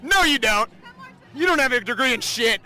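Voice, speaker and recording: A man's voice: extremely high pitch, expressive, normal speed, bright, forceful tone, a faint crowd. A man on a city street, taunting and mocking someone.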